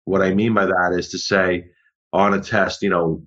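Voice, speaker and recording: A middle-aged man, a history teacher being interviewed, explaining in a measured, thoughtful way and often repeating words. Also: deep voice, flat delivery, a bit bright. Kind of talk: conversational interview. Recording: dull lo-fi audio.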